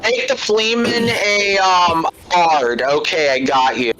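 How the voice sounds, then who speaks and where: Male streamer host, fairly high voice, laid-back giggly banter. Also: takes it slowly, sharp tone, poor audio. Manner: laughs easily, swears. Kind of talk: casual game stream chat.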